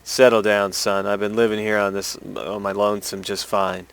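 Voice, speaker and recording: Guy reading as a cranky stubborn old villager, low flat voice. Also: normal speed, clear, resonant tone. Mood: grumbling.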